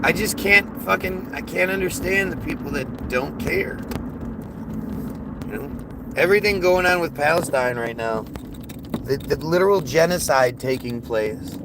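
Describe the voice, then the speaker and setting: A man's voice: a little high, expressive, a little slow, noisy background. A man ranting heatedly and profanely on a livestream, reading chat and often restarting his sentences. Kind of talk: casual livestream rant.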